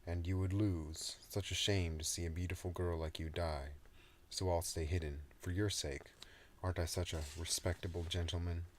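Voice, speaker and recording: A man voicing an ancient male demon with a deep, soothing, mock-polite manner in an audiobook reading. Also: steady tone, normal speed, a little hiss or hum, lightly acted. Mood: gloating.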